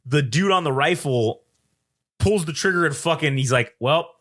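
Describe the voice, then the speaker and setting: A man co-hosts a casual film review chat, retelling scenes with animation, acting out characters' lines, and swearing often. His voice is on the high side and a bit bright, lively at a moderate pace. He's a podcast co-host.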